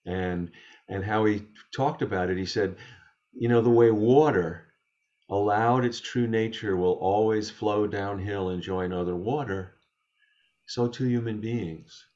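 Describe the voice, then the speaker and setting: A man talking in a gentle, thoughtful way, telling a story as a guest in a conversation from his home study. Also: fairly low pitch, unhurried, muffled recording. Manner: gentle, thoughtful, with frequent restarts. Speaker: interview guest.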